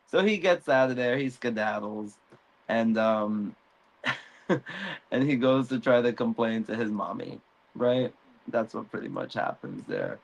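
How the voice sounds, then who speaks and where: A man hosting a casual recap show, relaxed, chuckling often, with many fillers. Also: medium pitch, a little slow, gravelly, pauses often, poor audio.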